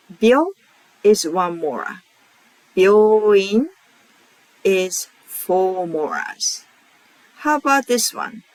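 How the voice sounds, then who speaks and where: Woman teacher with a Japanese accent, very slow and deliberate, lively pitch, dry close sound. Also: no echo, low-quality recording. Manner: says each example word twice, slowly and carefully. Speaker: language teacher. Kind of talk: slow, clear pronunciation lesson.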